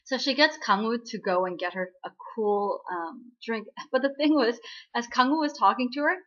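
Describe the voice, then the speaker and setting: A woman giving a casual spoken recap of a TV drama, chatty and full of fillers, acting out quoted lines in a higher voice. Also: moderate pace, fairly bright tone, muffled recording.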